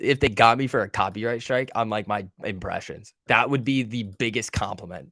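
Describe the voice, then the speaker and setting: This stock market livestreamer has a fairly low yet fairly bright voice with vocal fry, speaking at normal speed. Casual and profane, he jokes and swears in reaction to his viewers' chat.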